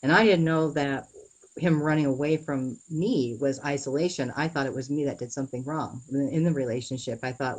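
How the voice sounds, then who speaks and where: A young adult woman in an interview, telling her own story in an earnest, halting way with many pauses and restarts. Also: extremely low pitch, a little mellow, breathy edge, poor audio.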